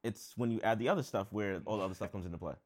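A man's voice: on the low side, rapid-fire, a little mellow, slightly rough. A man co-hosting a casual podcast chat, arguing his point and explaining his view. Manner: argumentative, explains his take, laughs easily. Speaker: podcast co-host.

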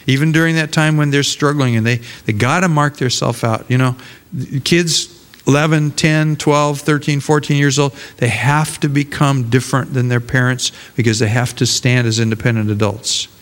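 Older man, pastor, conversational sermon, repeats words, mid-pitched voice. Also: fairly even intonation, moderate pace, in a large hall.

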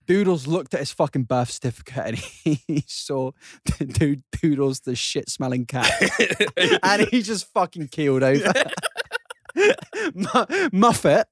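A man's voice: on the high side, sing-song, a little slow, a bit bright, dry recording, studio quality. Rowdy young man, swearing storyteller. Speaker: podcast co-host. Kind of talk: crude comedic podcast banter.

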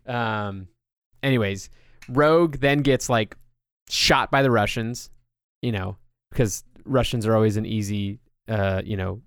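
A man's voice: lowish voice, a little slow, clean tone, no echo, studio quality. A man hosting a podcast, chatting casually and loosely with lots of filler words. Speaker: podcast host.

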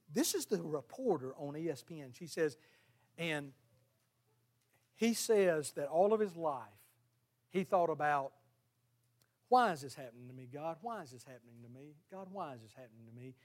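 A male pastor, preaching a sermon in a folksy, storytelling way that builds to loud, fervent exhortation. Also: fairly high pitch.

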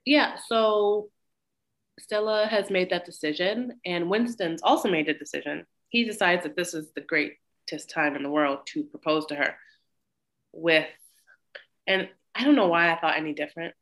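A woman co-hosting a casual chat, recapping a show in an animated, profane way and acting out lines with laughter. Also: lowish voice, normal speed. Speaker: podcast co-host.

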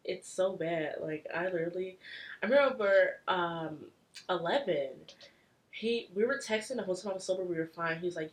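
A woman's voice: lowish voice, fairly quick, rough recording. A young woman in casual podcast chat, candid and crude, telling stories with lots of "like". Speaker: podcast co-host.

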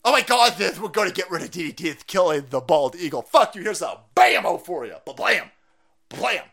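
A man hosting a livestream, giving loud, crude, cackling commentary on video clips. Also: high voice, lively intonation, brisk, creaky. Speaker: livestream host.

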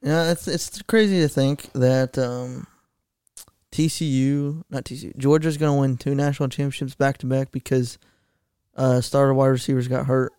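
A young man co-hosting a casual sports podcast, dropping quick one-liners. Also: mid-range voice, steady tone, a little mellow, smooth, no room sound, studio quality. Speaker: podcast co-host.

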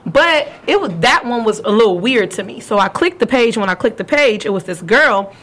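Lively young woman telling a story. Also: a little fast. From California. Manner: animated, acts out quotes with big pitch jumps. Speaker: podcast host. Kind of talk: casual storytelling chat.

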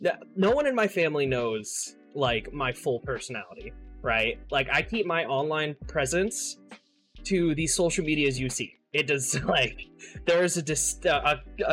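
A man's voice: fairly high pitch, a bit bright. A young man chatting casually as a streamer and podcast host, laughing often, swearing and trailing off mid-sentence. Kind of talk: casual chat.

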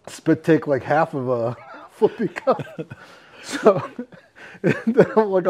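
A man co-hosting a podcast in casual chat, telling a rowdy story with lots of laughter, swearing and loud acted-out quotes, a bit tipsy. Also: sits high, animated, unhurried, pauses often. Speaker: podcast co-host.

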